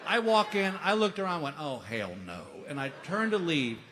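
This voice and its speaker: A man in his fifties doing stand-up storytelling, animated and exasperated as he acts out the people in his story. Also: sits high, brisk. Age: 50s. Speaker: stand-up comedian. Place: large comedy venue stage. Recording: live hall reverb with noise.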